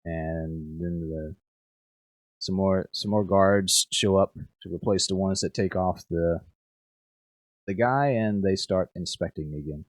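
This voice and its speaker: Young guy gm'ing a tabletop game, deep voice, stumbles and repeats himself, dry close sound. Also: takes it slowly, dry recording. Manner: rambling, filler-heavy, repeats words. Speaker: game master.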